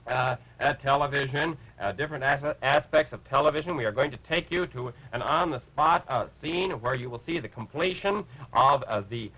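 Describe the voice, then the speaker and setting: A man voicing a bumbling male rabbit puppet who gives a lecture, halting and clearing his throat. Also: medium pitch, sharp tone, muffled recording. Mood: flustered. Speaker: puppet character on a TV show.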